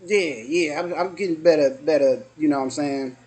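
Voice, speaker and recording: A man around forty in a casual spiritual chat, halting and restarting often, slipping into softly acted quotes. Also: on the high side, husky.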